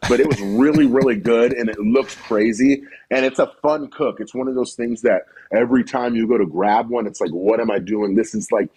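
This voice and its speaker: A husky, slightly breathy man in his thirties talks casually on a podcast. He tells stories with energy, swears freely and drops into quick impressions of what other people say. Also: mid-range voice, rough recording. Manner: animated storyteller, swears freely, quotes people in funny voices. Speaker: podcast guest, cooking content creator.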